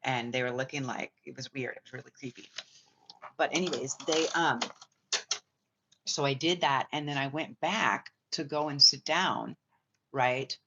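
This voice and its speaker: A spiritual reader telling a long personal story in a rambling, excitable way, swearing often and full of filler words. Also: medium pitch, measured pace, background noise. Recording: slightly muffled lo-fi audio.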